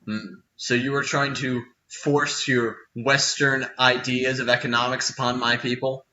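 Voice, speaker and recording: A man's voice: mid-range voice, little pitch movement, bright, forceful tone, muffled recording. A man playing a stern, distrustful guard. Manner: measured, stern, mocking.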